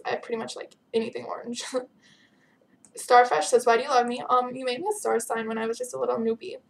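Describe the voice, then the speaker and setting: A teenage girl talking through a vlog in a chatty, giggly way, her voice pitched a bit high with a gravelly fry. She sounds worn out but keeps things bubbly. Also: slight background noise. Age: teens. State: tired. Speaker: vlogger answering viewer questions. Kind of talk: casual chat.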